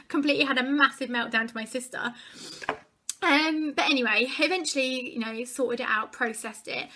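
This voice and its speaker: A woman's voice: sits high, fairly quick, sharp tone. A young woman vlogger chattily retelling a personal story to camera, acting out the dialogue.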